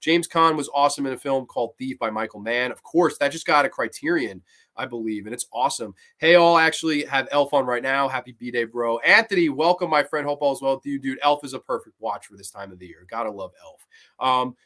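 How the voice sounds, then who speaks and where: A man's voice: medium pitch, fairly quick, a bit bright. A man in his twenties who hosts a live stream, reading chat and ranting about movies in a blunt, profane, casual way. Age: 20s. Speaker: host.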